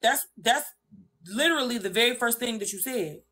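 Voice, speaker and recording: Woman going off on a live stream, cussing a lot, kinda high voice, talking into her phone. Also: expressive, normal speed, sharp tone. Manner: blunt, profane and emphatic. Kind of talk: heated livestream argument.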